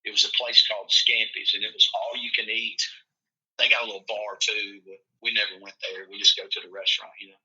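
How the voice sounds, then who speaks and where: Man, football coach, from Tennessee, casual storytelling, sharp forceful tone, dull lo-fi recording. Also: fairly low pitch, brisk. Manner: folksy, animated storyteller acting out quotes.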